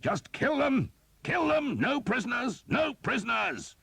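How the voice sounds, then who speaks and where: A man's voice: extremely high pitch, big pitch swings, a little slow, gravelly, a bit bright, husky, dry recording, pitched above the performer's own voice, heavily acted. A man doing a ruthless, bellowing earl. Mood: bloodthirsty. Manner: barking commands, merciless. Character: bloodied battle-weary male nobleman commander, ruthless.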